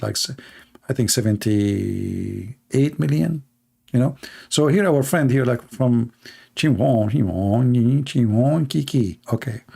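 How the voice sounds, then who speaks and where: A man's voice: mid-range voice, creaky, darkish tone, slightly rough. Sarcastic man. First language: Arabic. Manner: sarcastic, joking, drawn-out mock voices. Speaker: debate streamer. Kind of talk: mocking live-stream commentary.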